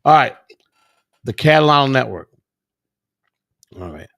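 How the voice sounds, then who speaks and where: A man with a gravelly, middle-pitched voice reads viewer comments on a live stream and answers them bluntly, with plenty of cursing. He sounds tired. The sound is dry and close. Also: big pitch swings, unhurried, fairly bright tone, no room sound. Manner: combative, profane, talks back to viewers. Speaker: livestream host.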